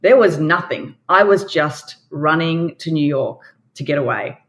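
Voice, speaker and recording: Australian woman, forties, interview guest, animated emphatic storytelling. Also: sits low, measured pace. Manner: animated, emphatic retelling with quoted dialogue. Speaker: guest entrepreneur.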